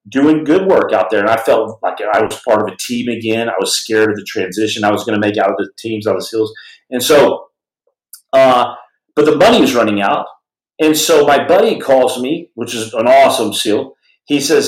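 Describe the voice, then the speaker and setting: A man telling a story casually on a podcast, wandering through his sentences and doubling back on himself. His voice sits at an ordinary middle pitch. The room around him rings with a noticeable echo. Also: fairly quick. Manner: rambling, conversational, full of restarts.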